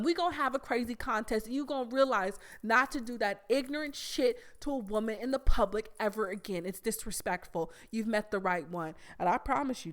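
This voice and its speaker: A young adult woman, hosting a podcast and telling a story in a blunt, animated way with plenty of swearing. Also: fairly high pitch. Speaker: podcast host. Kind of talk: casual storytelling monologue.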